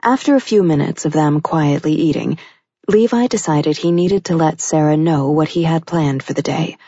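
A woman narrating a romance audiobook with a low, dark, husky voice. Her reading is steady and intimate. It is recorded dry and sounds dull and lo-fi. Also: normal speed, no room sound.

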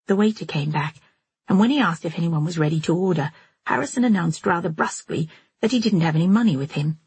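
A woman reads a first-person novel aloud in a measured, steady way. Her voice is husky and breathy and sits a little low. The recording is close and very dry. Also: no echo. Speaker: audiobook narrator.

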